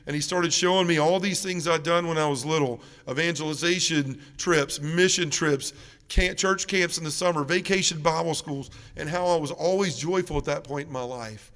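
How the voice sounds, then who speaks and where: A man with a drawl tells his testimony at a church mission in an earnest, heartfelt way, going quiet and low when the story turns heavy. His voice sits a little high and comes through smooth and resonant. The long ring of a church sanctuary trails behind each phrase. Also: normal speed, long reverb tail. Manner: earnest, emotional storytelling that drops soft and low in heavy moments. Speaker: guest speaker at a parish mission. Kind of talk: personal faith testimony.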